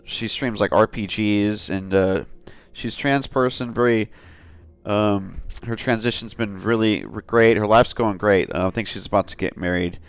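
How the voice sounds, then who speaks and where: A man's voice: on the low side, unhurried, smooth, no echo, dull audio. A man hosting a casual commentary vlog, talking in a rambling, earnest way and often calling his viewers "guys.". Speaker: channel host.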